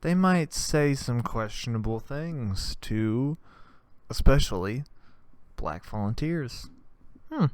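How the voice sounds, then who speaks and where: A man's voice: medium pitch, expressive, slow pace, smooth, no room sound. A man hosting a podcast, delivering a rambling, profane comedic monologue in which he acts out scenes. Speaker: podcast host.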